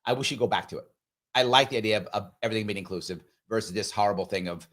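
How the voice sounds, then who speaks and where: A man hosting a live talk show, giving opinion commentary in an emphatic, preachy way with big jumps in pitch. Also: quick pace. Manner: animated, sweeping pitch jumps.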